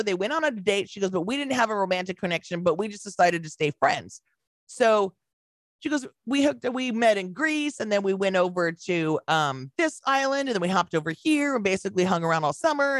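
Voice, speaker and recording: A woman co-hosting a podcast, retelling a story with lively acted-out quotes and casual swearing. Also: lowish voice, no room sound. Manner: animated storyteller acting out quotes, swears freely. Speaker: podcast co-host. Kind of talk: casual chat.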